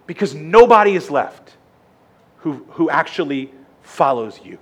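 A man preaching a sermon, retelling scripture with lively, emphatic storytelling. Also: fairly high pitch, unhurried, slightly rough.

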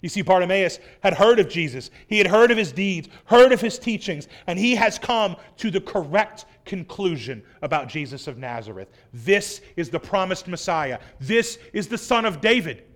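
Man, pastor, high voice, dramatic sermon delivery, loud then hushed. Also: animated, moderate pace, hardly any pauses. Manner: dramatic scripture reading, swelling loud then dropping soft.

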